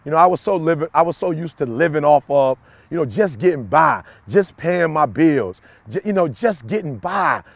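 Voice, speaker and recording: A young adult man giving a preachy, repetitive motivational talk to camera, swinging from shouts to low confiding tones. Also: expressive, moderate pace, gravelly, dry recording. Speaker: motivational speaker.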